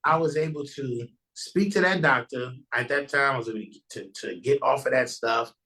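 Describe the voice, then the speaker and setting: A man speaking as a podcast guest, recounting a personal testimony in an earnest, conversational tone. His voice sits at an ordinary middle pitch for a man. He circles back and restarts his sentences as he goes. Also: normal speed, pushed and bright, rough recording.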